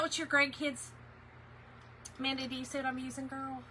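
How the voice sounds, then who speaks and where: Bright-voiced chatty woman. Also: high-pitched, little pitch movement, moderate pace, a little hiss or hum, poor audio. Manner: chatty, chats with viewers while working, many fillers. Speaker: craft business owner demonstrating on a livestream. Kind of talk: casual livestream craft tutorial.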